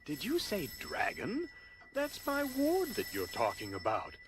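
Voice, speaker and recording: Stuffy cartoon gent fussing over his pet dragon, bit high, music playing behind. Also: huge pitch swings, measured pace, exaggerated voice. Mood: indignant. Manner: fussy, indignant and fond by turns. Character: doting pompous gentleman raising a baby dragon. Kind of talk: animated film dialogue. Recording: film clip with music behind.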